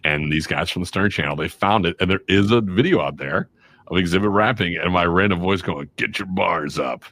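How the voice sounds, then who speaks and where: A man from Chicago, a radio and voiceover guest, telling animated, self-mocking stories in a casual podcast chat. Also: low-pitched, brisk. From Chicago, USA.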